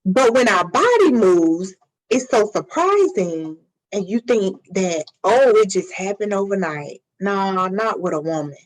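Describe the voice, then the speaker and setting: A woman's voice: mid-range voice, sing-song, unhurried, poor audio. A woman co-hosting a casual podcast chat, speaking in a heartfelt way as she agrees and adds her own experience. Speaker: podcast co-host.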